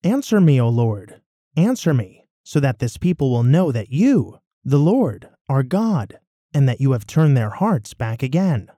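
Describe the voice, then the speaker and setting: A fierce, commanding male prophet, as a man reading scripture puts him on, declaiming with sweeping pitch that climbs high on his cries. The tone stays mellow and the sound is dry and close. He speaks like someone used to being obeyed. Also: sing-song, a little slow, no room sound. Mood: fervent prayer. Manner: declaiming, rising to fervent cries.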